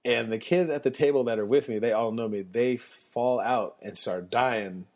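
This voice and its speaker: A man hosting a podcast, telling personal stories in a casual, animated way and chuckling as he goes. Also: moderate pace. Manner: animated, chuckling, jumps up in pitch when quoting people. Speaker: podcast host. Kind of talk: casual storytelling monologue. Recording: slightly muffled lo-fi podcast audio.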